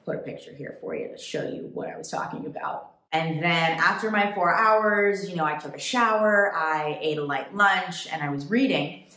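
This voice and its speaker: A woman from the United States, a travel vlogger, telling a story to camera in a chatty, animated way. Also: lowish voice, normal speed, roomy sound. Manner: chatty, animated, quotes people in put-on voices.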